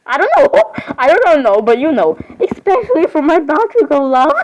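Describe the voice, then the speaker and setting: A woman with a high voice voices all the dolls in a homemade, improvised role-play. She rambles in a chatty way and breaks into sudden surprised squeals. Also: sing-song, moderate pace, darkish tone, rough recording.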